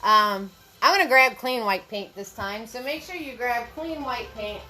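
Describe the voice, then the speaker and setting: Leading a live online paint party, a female instructor keeps up a chatty, encouraging stream of talk and greets viewers along the way. She speaks at normal speed in a slightly high voice that sounds pushed and bright, and the audio is poor.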